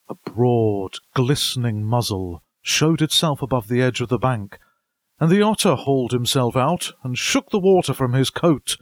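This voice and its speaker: Expressive man reading a storybook, dry. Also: mid-range voice, normal speed, no echo. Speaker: audiobook reader. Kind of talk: storybook narration.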